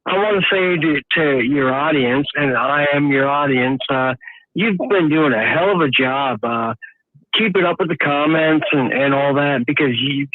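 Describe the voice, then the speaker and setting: A man from Canada calling in to a podcast, chatty and excited. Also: a little high, normal speed, dry recording. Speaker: caller. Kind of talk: phone call-in. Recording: tinny phone line.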